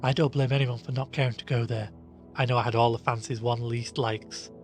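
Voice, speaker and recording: A man voicing a shaken young gentleman who recounts his ordeal in a rueful, animated way. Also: medium pitch, fairly quick, faint music behind, lightly acted.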